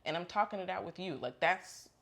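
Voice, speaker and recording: A woman co-hosting a podcast, telling a candid, animated story about her faith in casual chat. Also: lowish voice, fairly quick, vocal fry. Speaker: podcast co-host.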